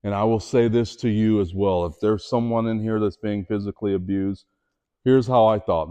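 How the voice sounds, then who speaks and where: A man's voice: fairly low pitch, steady tone, moderate pace, warm tone, smooth. A middle-aged man giving a motivational talk to students, telling a personal story earnestly and acting out the quoted voices. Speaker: motivational speaker. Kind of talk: school assembly talk.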